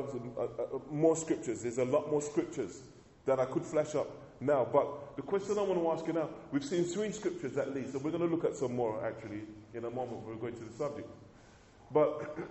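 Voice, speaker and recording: A man's voice: mid-range voice, normal speed, dark tone. Man preaching in an echoey hall. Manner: preaching with rising emphasis, calls for amens. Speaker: pastor. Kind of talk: sermon. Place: church.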